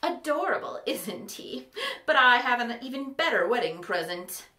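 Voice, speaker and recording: A woman's voice: a little high, animated, normal speed, sharp tone, reverberant. A woman voicing a smug, scheming female witch in a storybook reading, with a drawling manner.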